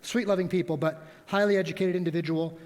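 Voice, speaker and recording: A man preaching a sermon as pastor, telling stories with animated energy and props. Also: sits high, quick pace. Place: church sanctuary. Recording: long reverb of a church hall.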